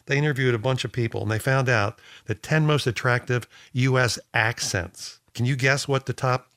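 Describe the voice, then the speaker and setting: A man's voice: mid-range voice, fairly even intonation, normal speed, a bit bright, no echo, clean studio sound. A man co-hosting a podcast in casual chat, joking and laughing as he reads out a list. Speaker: podcast co-host.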